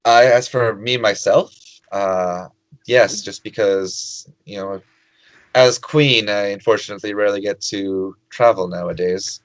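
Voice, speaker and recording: A man voicing a gentle, hesitant female lizardfolk queen in a tabletop game, speaking formally and haltingly. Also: fairly low pitch, no room sound, natural voice, poor audio. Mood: courteous. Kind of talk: tabletop role-play.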